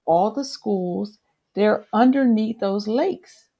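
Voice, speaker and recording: A woman guest in a casual discussion, earnestly explaining things with halting restarts. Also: mid-range voice, warm tone, highs cut off.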